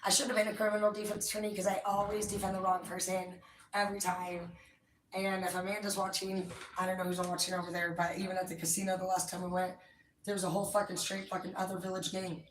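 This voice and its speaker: A woman's voice: fairly low pitch, flat delivery, quick pace, a little hiss or hum. Swearing, rambling woman in an echoey room. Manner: profane, swears constantly, rambling. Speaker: tarot streamer. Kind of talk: rambling casual monologue. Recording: echoey room, distant mic.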